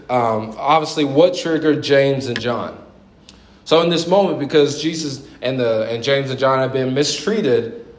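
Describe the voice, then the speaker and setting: A man's voice: medium pitch, echoey room, rough recording. A man preaching a sermon, telling stories with humor and acting out quoted lines. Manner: animated storytelling with jokes and acted-out quotes. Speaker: pastor.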